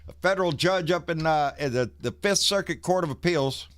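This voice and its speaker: A man's voice: a little high, normal speed. A man, out of breath, hosting a casual live stream and greeting viewers in a folksy, swearing way. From Texas.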